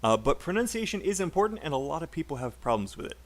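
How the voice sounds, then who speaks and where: A man with a British accent leads a live online English lesson, chatty and encouraging. His voice sits a little high and swings widely in pitch as he repeats practice phrases for students to say back. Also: very animated, fast talker. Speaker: English teacher. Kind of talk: live online class teaching.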